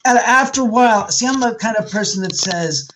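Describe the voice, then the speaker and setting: A man with a New York accent, a guest on a radio interview, telling a story in a lively, animated way and acting out other people's voices. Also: sits high, a little fast, a little hiss or hum. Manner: animated, acts out quoted voices. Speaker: guest, homeowner and author.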